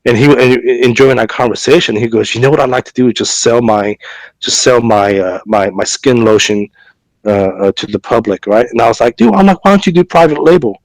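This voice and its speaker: A man's voice: medium pitch, fairly quick, no echo, rough recording. Chatty man retelling a story, dry sound. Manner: chatty, many fillers and repeated words; acts out both sides of a conversation. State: recovering from a cough and fever. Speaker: podcast co-host. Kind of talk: casual storytelling chat.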